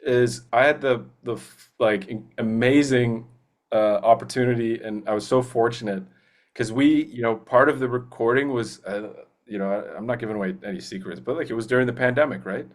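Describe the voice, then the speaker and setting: A man's voice: medium pitch, a little fast. A young man, a voice actor as a guest, chatting enthusiastically and rambling with lots of fillers. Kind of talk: casual interview chat.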